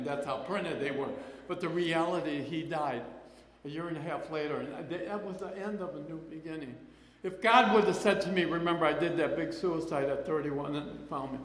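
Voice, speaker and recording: Recorded in an echoey hall with long reverb, an older man shares his personal story at a recovery meeting. His voice is fairly high and a bit bright, and he rambles in a chatty way, laughing frequently and repeating phrases.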